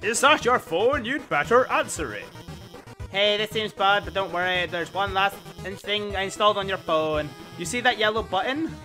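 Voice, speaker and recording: A man voicing an eager, nervous female scientist with a hurried delivery. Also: sits high, animated, bright, forceful tone, faint music behind.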